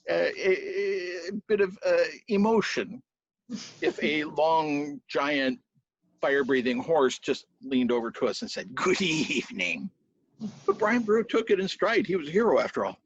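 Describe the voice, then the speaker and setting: A man telling a folk tale in a lively storytelling style, voicing sound effects along the way. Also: high voice, measured pace, no echo. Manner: animated, with spoken sound effects. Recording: dull dry lo-fi recording.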